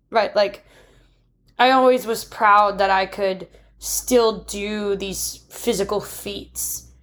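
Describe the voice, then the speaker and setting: A young adult woman co-hosting a podcast, talking candidly and reflectively in casual conversation, often restarting and laughing. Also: mid-range voice. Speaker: podcast co-host.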